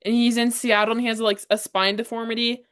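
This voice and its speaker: Fast-talking young woman telling stories. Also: fairly high pitch, flat delivery, fairly bright tone, smooth. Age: young adult. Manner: fast, rambling storytelling. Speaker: podcast co-host. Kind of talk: casual chat.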